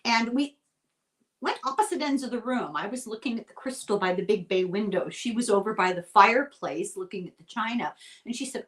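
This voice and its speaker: Irish-born woman telling lively ghost stories. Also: medium pitch, fairly quick. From Ireland. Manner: animated storytelling with laughs. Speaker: guest storyteller. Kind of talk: casual chat. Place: rural United States.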